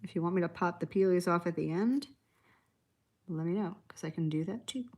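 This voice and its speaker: A woman's voice: fairly low pitch, a little fast, mellow. Chatty woman hosting a live nail tutorial. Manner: chatty, reads viewer comments, laughs easily. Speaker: nail art livestream host. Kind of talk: casual live tutorial chat.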